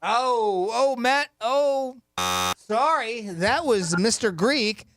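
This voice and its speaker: Upbeat high-voiced radio host. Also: male voice, expressive, very slow. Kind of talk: radio contest hosting. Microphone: studio microphone.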